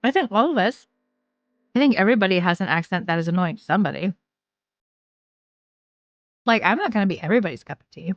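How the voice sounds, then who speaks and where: A woman's voice: mid-range voice, animated, fast, pauses often, no echo, lo-fi sound. A woman live streamer chatting casually with her viewers, frank and chatty, swearing freely and using lots of filler words.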